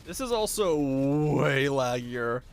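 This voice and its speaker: A man with a hoarse, raspy voice chatting offhandedly and joking while streaming a game. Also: medium pitch, animated, takes it slowly, a little hiss or hum. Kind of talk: casual gaming stream chat.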